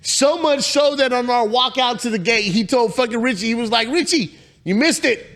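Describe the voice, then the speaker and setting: A man co-hosting a podcast, telling work stories in a loose, profane, animated way. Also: extremely high pitch, brisk. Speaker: podcast co-host. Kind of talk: casual storytelling chat.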